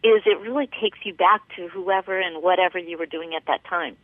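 A woman's voice: fairly low pitch, brisk, no echo. A woman hosting a casual interview, chatty and enthusiastic, rambling with lots of restarts. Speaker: show host. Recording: tinny dry phone-like audio.

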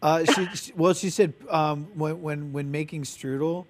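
A man with a somewhat high voice, speaking as a baker guest in a casual interview. He talks eagerly and loosely, packing his sentences with "like" and "you know.". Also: steady tone, unhurried. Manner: eager, filler-heavy, lots of "like" and "you know".

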